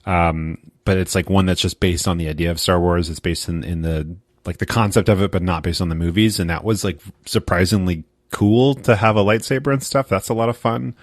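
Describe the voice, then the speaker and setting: A man's voice: sits low, fairly even intonation, fairly quick, hardly any pauses, no echo, studio quality. A man co-hosting a podcast, talking in a laid-back, hesitant way with many fillers. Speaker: podcast co-host. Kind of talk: casual chat.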